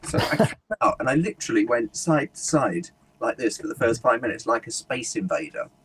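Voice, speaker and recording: A man from the United Kingdom, a humorist, telling an anecdote in a relaxed interview and slipping into voices for the people he quotes. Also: medium pitch, brisk, noisy background. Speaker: guest speaker and humorist. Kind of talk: casual storytelling interview.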